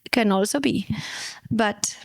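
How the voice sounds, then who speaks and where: A woman's voice: medium pitch, slow, gravelly, dry recording. A woman in her thirties, a mother, sharing a personal story in a conversation, hesitant and emotional, often restarting her sentences. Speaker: mother in a spiritual community. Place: festival.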